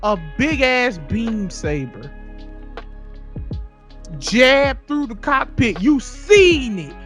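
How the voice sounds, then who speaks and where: Profane, heated podcast ranter. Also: male voice, extremely high pitch, sing-song, extremely slow, fairly bright tone, faint music behind. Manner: heated, profane, repetitive ranting. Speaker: podcast co-host. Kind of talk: casual podcast rant.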